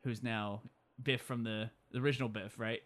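A man casually recapping a movie with a friend, animated and acting out lines in goofy voices. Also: fairly low pitch, moderate pace. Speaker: podcast co-host.

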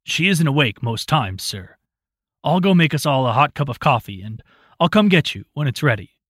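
A man's voice: mid-range voice, big pitch swings, normal speed, fairly bright tone, slightly rough. A man voicing a humble, polite young servant in a storybook reading.

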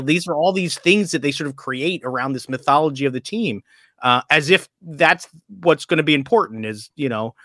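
Bright-voiced rambling sports-talk man. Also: mid-range voice, dry recording, clean studio sound. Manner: rambling, self-interrupting, laughs while telling stories. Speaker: podcast co-host.

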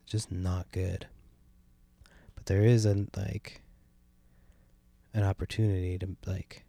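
A man's voice: low-pitched, level tone, takes it slowly, vocal fry, dark tone, no echo. A young adult man hosting a casual solo podcast, rambling and complaining with lots of swearing and a sardonic edge. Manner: profane, rambling, meandering. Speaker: podcast host. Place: sitting at home by a window.

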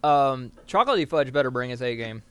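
A man's voice: medium pitch, animated, a little fast, smooth. Rambling Southern man chatting. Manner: rambling, filler-heavy, laughs often. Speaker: podcast co-host. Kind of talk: casual chat.

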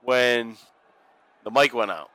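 A man co-hosting a casual watch-along podcast, joking, profane and excitable. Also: mid-range voice, slow, dry recording, low-quality recording. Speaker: podcast co-host.

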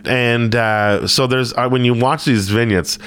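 A man chatting casually on a podcast, telling rambling wrestling stories and breaking into quick impressions. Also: mid-range voice, fairly even intonation, fairly bright tone, clear, resonant tone. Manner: rambling storyteller, mimics wrestlers mid-story. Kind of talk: casual chat.

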